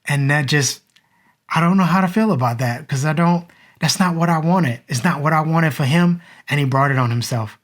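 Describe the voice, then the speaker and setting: A man's voice: a little high, normal speed. A man, in his thirties, earnestly telling a personal story to the viewer and reflecting on it as a father. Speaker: vlogger and father.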